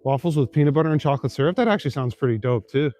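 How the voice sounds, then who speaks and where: A man's voice: mid-range voice, very fast, dry recording. A young man from Northern Ontario chatting casually with his live stream viewers while he walks city back streets at night. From Northern Ontario, Canada. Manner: relaxed, swears casually, reads and answers chat.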